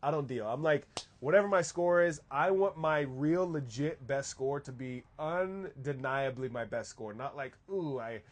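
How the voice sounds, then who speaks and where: A man's voice: medium pitch, a little slow. A man hosting a live golf talk stream, chatting casually and answering viewers' questions. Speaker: golf coach host.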